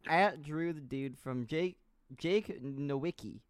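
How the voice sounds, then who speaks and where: A man hosting a podcast, reading viewers' chat messages aloud with quick asides. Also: fairly high pitch, clear, resonant tone, dry recording.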